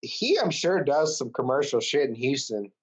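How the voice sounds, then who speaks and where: A man's voice: medium pitch, sing-song, moderate pace, slightly rough. A man chatting casually as a podcast guest, with a laid-back, rambling way of telling stories and plenty of swearing. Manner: laid-back, loose storytelling full of filler and swearing. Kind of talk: casual chat. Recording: slightly dull lo-fi sound.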